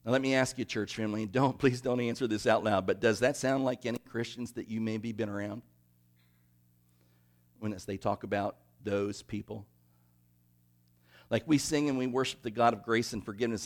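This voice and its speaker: A male pastor preaching a conversational sermon, animated and often checking in with the congregation. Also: fairly low pitch, moderate pace, long pauses.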